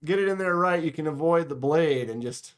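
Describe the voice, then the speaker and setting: A man's voice: fairly high pitch, a little fast. A man hosting a live stream, chatting casually with viewers in a joking, sarcastic way. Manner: joking, sarcastic, talks to chat. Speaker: livestream host. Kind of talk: casual livestream chat.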